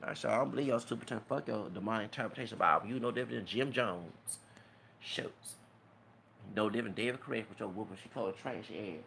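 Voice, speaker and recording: A man's voice: fairly low pitch, a little fast, vocal fry, a bit bright, a little hiss or hum. A man giving an emotional, preachy, rambling rant as a vlogger. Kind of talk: impassioned rant to camera.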